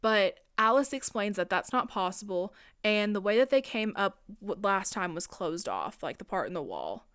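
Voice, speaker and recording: A young woman talks through a movie's plot like she is catching a friend up, swearing freely and tossing in little voices for the characters. Her voice is smooth and clear, and it is recorded close and dry, with no room sound around it. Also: medium pitch, big pitch swings, a bit bright, no room sound. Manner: chatty and profane, retelling scenes with quick put-on quotes. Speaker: podcast host. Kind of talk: casual film recap.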